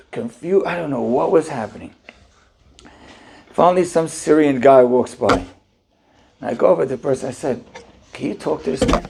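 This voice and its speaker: A man, a rabbi, tells a personal story in an animated, conversational sermon and talks straight to his audience. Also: mid-range voice, gravelly, a little hiss or hum.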